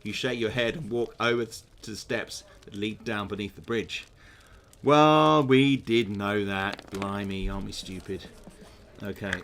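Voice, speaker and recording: A man's voice: fairly low pitch, a little slow, fairly bright tone, slight background noise. A man, hosting a gamebook session, reading aloud and chatting in musing asides. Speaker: host playing a gamebook.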